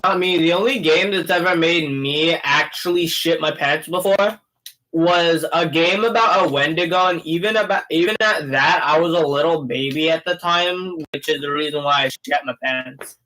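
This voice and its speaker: A man's voice: a little high, moderate pace, sharp tone, low-quality recording. A man co-hosting a casual game review podcast, talking bluntly with crude jokes. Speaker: podcast co-host.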